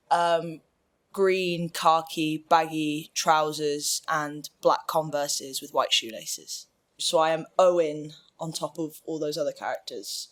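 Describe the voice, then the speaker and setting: Unhurried actor, filler-heavy self-description. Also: mid-range voice, fairly bright tone. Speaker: stage actor. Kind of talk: self-description for an audio introduction.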